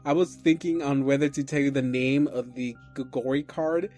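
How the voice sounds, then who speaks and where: A man's voice: medium pitch, steady tone, normal speed, darkish tone, faint music behind. A man running a tabletop game as game master, rambling and restarting while he teases his players. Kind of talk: running a tabletop game over casual chat.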